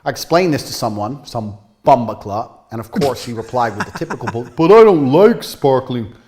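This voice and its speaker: A man's voice: mid-range voice, lively intonation, normal speed, a little mellow, close to an everyday voice. A man parodying a ranting macho influencer with a British accent. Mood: smug. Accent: British with patois slips. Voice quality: swearing, ranting. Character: brash macho male influencer, angry, boastful.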